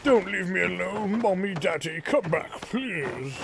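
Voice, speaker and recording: A man voicing a frightened, dying little girl from a game story, pleading in a high, tearful voice. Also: lively intonation, unhurried, vocal fry, fairly bright tone, slight background noise, full character voice. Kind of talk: game text read aloud in voices.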